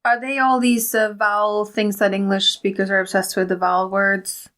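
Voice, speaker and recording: A woman's voice: mid-range voice, little pitch movement, a bit bright. A woman co-hosting a casual podcast, offering theories and short chatty interjections. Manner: speculative, chatty, quick interjections. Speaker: podcast co-host.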